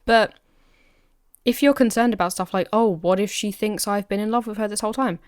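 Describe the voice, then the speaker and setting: A woman's voice: mid-range voice, a little fast, smooth, dry recording, studio quality. Easygoing woman co-hosting a podcast. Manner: relaxed, easygoing, lots of agreeing. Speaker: podcast co-host. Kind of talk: casual advice chat. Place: remote recording, long distance.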